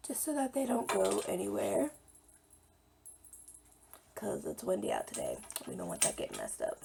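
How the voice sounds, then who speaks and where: Slightly hoarse, gravelly-voiced young woman. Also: medium pitch, wildly swooping pitch, moderate pace, noisy background. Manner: chatty, talks while applying makeup. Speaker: beauty vlogger. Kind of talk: casual makeup tutorial.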